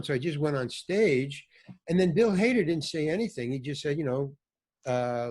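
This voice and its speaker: Older actor-director guest, slightly high voice, rambling and self-interrupting storyteller. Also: male voice, lively intonation, moderate pace, darkish tone. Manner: rambling, self-interrupting, loses his thread.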